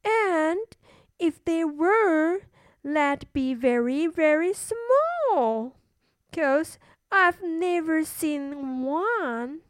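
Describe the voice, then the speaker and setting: A woman voicing a brisk, no-nonsense grown-up maid who scolds firmly. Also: high-pitched, expressive, no echo, studio quality, voice pushed up, exaggerated voice. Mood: dismissive.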